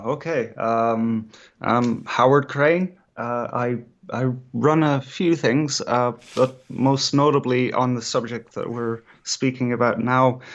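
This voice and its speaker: A man with an Irish accent, a guest and radio broadcaster, speaking in a measured, polite and slightly hesitant way. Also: medium pitch, a bit bright, lo-fi sound. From Ireland. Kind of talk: casual chat.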